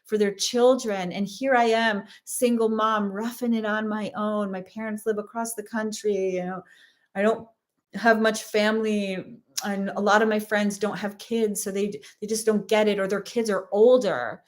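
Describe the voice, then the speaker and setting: A woman's voice: mid-range voice, steady tone, moderate pace. A woman host talking candidly in a personal, reflective monologue, earnest and full of fillers and restarts. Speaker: host and course teacher.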